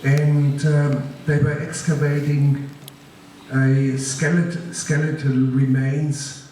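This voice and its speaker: A man with a German accent giving a master class, telling his story in a slow, deliberate, grave way and answering audience questions. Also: on the high side, little pitch movement, warm tone. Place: large lecture hall. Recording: echoey hall, distant mic, faint noise.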